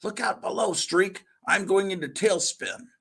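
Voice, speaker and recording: A cocky little falcon from a vintage comic cracks wise in a high, brash voice, as a man reading aloud puts him on. He is bold and cheeky. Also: unhurried, a bit bright, husky, exaggerated voice. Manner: brash, wisecracking. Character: cocky young male falcon sidekick.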